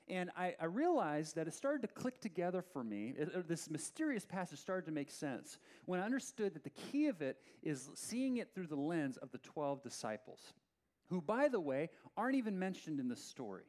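A man preaching a sermon in a conversational, animated storytelling way. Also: on the high side. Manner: opens in a soft, slow prayer. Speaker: pastor.

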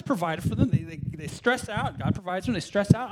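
A man delivers a sermon in a fairly high voice. He talks in a lively, conversational way, stumbling over restarts as he works through his point. He sometimes slips into mock complaining tones. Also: a little fast. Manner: animated, acts out complaining voices, frequent restarts. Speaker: pastor.

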